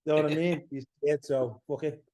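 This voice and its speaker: Loud profane Englishman telling stories. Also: on the high side, steady tone, normal speed. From England. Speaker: podcast guest. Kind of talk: casual chat.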